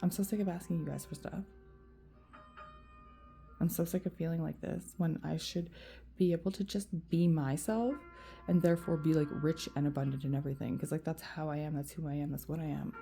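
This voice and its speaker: A woman's voice: low-pitched, fairly even intonation, a little fast, vocal fry, mellow, faint music behind. A woman vlogger venting in a rambling, profane rant to camera, full of fillers.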